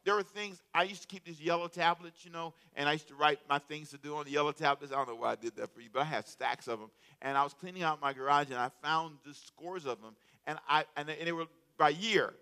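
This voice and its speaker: Pastor guy preaching, bright forceful voice, keeps repeating himself and getting the crowd to answer. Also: a little high, quick pace, hardly any pauses, smooth. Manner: animated, repeats words, calls out to the congregation. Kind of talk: sermon.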